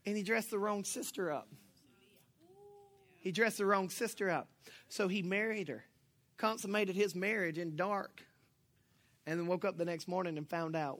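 A male pastor preaching with a high, bright voice, animated and playful. He swings from loud bursts into quiet, mumbled asides, joking with his congregation as he goes. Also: normal speed, long pauses. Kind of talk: sermon.

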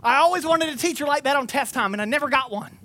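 Bright, high-voiced animated preacher. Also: fast talker. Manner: animated, conversational, shifts into mock voices. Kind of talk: sermon with humorous storytelling.

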